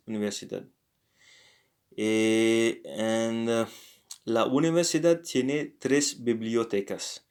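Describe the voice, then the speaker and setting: A man teaching a casual language lesson, talking slowly and haltingly with many fillers and self-corrections. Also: mid-range voice. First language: French.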